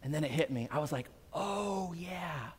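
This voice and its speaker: A man's voice: medium pitch, steady tone, rapid-fire, a little mellow, slightly rough. A man, a pastor, telling a personal story in a sermon, with a loose conversational manner, repeated phrases and frequent "uh" fillers. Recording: long reverb of a large hall.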